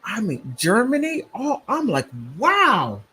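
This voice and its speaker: A man's voice: a little high, animated, unhurried, slight background noise, rough recording. A man hosting a casual live stream, rambling through commentary and reacting to viewer comments. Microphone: computer mic on a streaming app.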